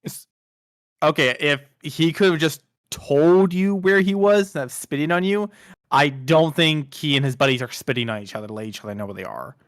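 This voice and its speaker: A man's voice: on the high side, normal speed, dry recording, clean studio sound. A man playing in a tabletop game, often cutting in to question things. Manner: questioning, interrupts to check. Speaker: player.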